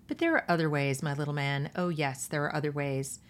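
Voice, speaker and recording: A woman's voice: medium pitch, moderate pace, close to an everyday voice. A woman reading as a soothing sinister man. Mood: mocking. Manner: smooth, patronizing, calm. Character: soothing sinister man controlling minds, adult. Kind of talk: reading a novel aloud.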